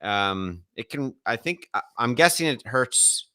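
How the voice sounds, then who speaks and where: Bright, crisp low-voiced male host. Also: animated. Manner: brisk, steering the conversation. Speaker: host of investing live stream. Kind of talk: casual live stream hosting.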